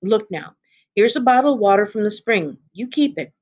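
A woman's voice: mid-range voice, animated, darkish tone, highs cut off, voice pushed up. Woman doing folksy teen boy Jessie. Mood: urgent. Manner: quick, folksy, urgent. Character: hurried country teenage boy Jessie.

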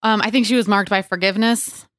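Smooth-voiced woman hosting a chat podcast. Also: mid-range voice, steady tone, fast, a bit bright, no room sound, clean studio sound. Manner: earnest and chatty, with many fillers. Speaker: podcast host. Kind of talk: casual faith podcast chat.

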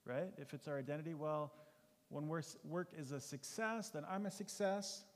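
A man's voice: fairly high pitch, normal speed. A male pastor preaching a sermon in an earnest, conversational way, often asking rhetorical questions. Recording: long hall reverb.

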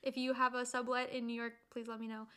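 A woman's voice: fairly high pitch, little pitch movement, fast talker, bright, forceful tone, clean tone. A woman co-hosting a podcast in casual chat, talking in a hyper, stressed rush. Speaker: podcast co-host.

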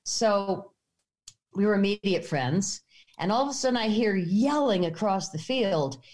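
A middle-aged American woman telling a personal story in a lively way, acting out the voices of the people in it. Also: medium pitch, a little slow. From United States. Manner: animated, acts out quotes.

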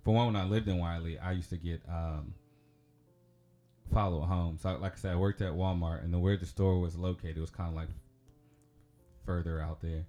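A low-voiced man with a twang rambles through a personal story on a casual podcast. His voice is dark and mellow, and he fills it with ums and likes. Faint background music sits behind him. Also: fairly even intonation, moderate pace. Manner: rambling, chatty, laughs often, lots of fillers. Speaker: podcast host.

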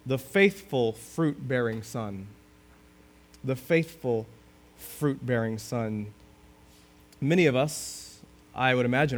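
A man preaching a sermon who reads scripture slowly and leans hard on key phrases, often dropping to a hushed tone. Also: medium pitch. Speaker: pastor.

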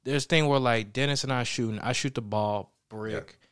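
A young man telling a story in a relaxed, casual chat, acting out other people's lines. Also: medium pitch, moderate pace, smooth, no room sound, studio quality. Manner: animated storyteller, acts out others' lines loudly.

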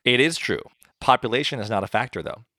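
A man's voice: medium pitch, expressive, quick pace, sharp tone, dry recording, studio quality. A man hosting a podcast quiz, explaining trivia answers in a chatty way with lots of fillers. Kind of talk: casual chat.

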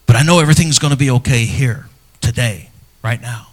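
A middle-aged male pastor preaching in a church, voice at an ordinary middle pitch for a man. He talks earnestly and personally to the fathers in the pews, pushing some lines out loud and dropping others to a hushed near-whisper. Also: a little fast. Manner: dynamic delivery, swinging from loud emphasis to hushed near-whispers. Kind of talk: sermon.

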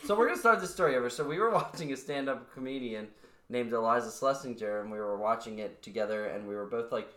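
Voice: mid-range voice, fast talker, fairly bright tone, echoey room. A podcast host chatting casually, rambling and restarting stories. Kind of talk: casual chat.

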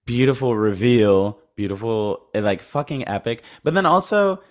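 A man's voice: medium pitch, normal speed. A man co-hosting a podcast in casual chat, talking about a film with lots of fillers and acted-out quotes. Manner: lively, many fillers, acts out quotes. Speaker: podcast co-host.

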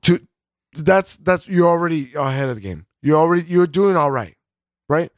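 A man's voice: on the high side, animated, moderate pace, dry recording, studio quality. A man co-hosting a podcast in casual chat, swearing constantly and rambling with fillers and restarts. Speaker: podcast co-host.

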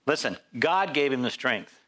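A male pastor preaching a sermon in church, telling Bible stories in an animated way and acting out the characters' voices. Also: medium pitch, normal speed.

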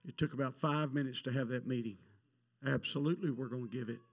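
A middle-aged man preaching a missions sermon, telling a story and swinging from quiet asides to loud emphatic peaks. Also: medium pitch, fairly even intonation, fast talker. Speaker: pastor.

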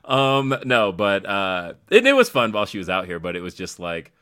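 A man's voice: low-pitched, moderate pace, clean tone. A man co-hosting a podcast, telling stories casually and acting out what people said. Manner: animated storytelling, acting out quotes. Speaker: podcast co-host. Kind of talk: casual storytelling chat.

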